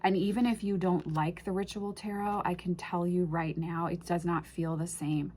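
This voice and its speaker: A woman's voice: lowish voice, fairly even intonation, moderate pace, a little mellow. A woman casually unboxing and reviewing an oracle deck, gushing and emotional, often trailing off and restarting her sentences.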